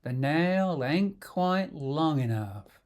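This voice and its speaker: A man voicing a laid-back Southern American man on a rocking chair, with an imitated Southern drawl, speaking slow and unbothered. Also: fairly high pitch, animated, darkish tone.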